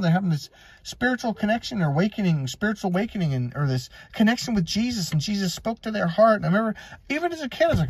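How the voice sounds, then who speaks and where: A middle-aged man from Wisconsin telling personal stories as a life coach, animated and acting out quoted voices. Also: fast talker, breathy edge, no echo. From Wisconsin, USA. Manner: animated, swings between high and low pitch, acts out quotes. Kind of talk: personal storytelling monologue.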